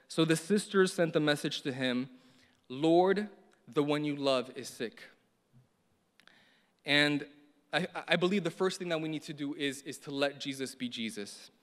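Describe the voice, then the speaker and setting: Earnest male preacher in a reverberant hall. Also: a little high. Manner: earnest, many repeated words, rising to emphatic stresses. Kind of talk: sermon.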